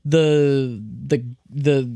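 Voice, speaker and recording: A man's voice: medium pitch, flat delivery, very slow, mellow, clean tone, no room sound. A young man co-hosting a film podcast, chatting casually and rambling with restarts. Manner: rambling, restarts, comparing films. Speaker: podcast co-host. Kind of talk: casual film review chat.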